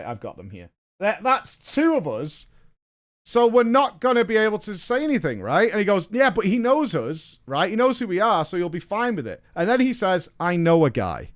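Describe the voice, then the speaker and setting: A man, a streamer telling a story in a casual, animated way, swearing and acting out what people said. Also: high-pitched. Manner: animated, swearing, acts out quotes.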